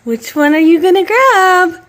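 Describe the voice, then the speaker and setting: A young mother talks to her toddler at home in a bright, animated baby-talk voice. Her pitch sits high and leaps up and down with every question. She draws out her words slowly for the little one. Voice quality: bright, animated parent voice with gasps and laughs. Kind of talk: sing-song baby talk.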